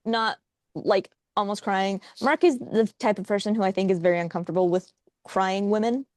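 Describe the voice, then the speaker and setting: A young woman co-hosting a casual chat, telling a story in a wry, animated way and acting out what others said. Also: medium pitch, normal speed, no echo, clean studio sound. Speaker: podcast co-host.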